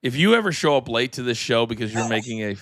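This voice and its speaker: A man hosting a live wrestling talk show, with a fast, energetic, promo-style delivery. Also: mid-range voice, dry recording, studio quality. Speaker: host. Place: studio.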